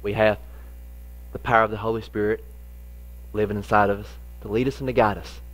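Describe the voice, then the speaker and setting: A middle-aged man, a pastor telling a folksy personal story in a sermon, lively in the funny parts and quieter when serious. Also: on the low side, fairly quick.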